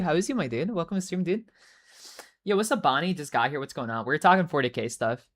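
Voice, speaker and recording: A woman's voice: low-pitched, expressive, fast talker. Rambling, cussing woman streamer. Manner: rambling, profane, filler-heavy. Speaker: livestreamer. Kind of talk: casual chat.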